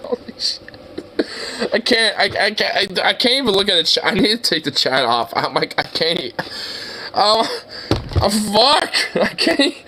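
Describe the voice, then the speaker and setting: A livestreamer chatting casually on a live reaction stream, voice turning hoarse and raspy, excitable and swearing, squealing high when gushing. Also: moderate pace, slight background noise, low-quality recording.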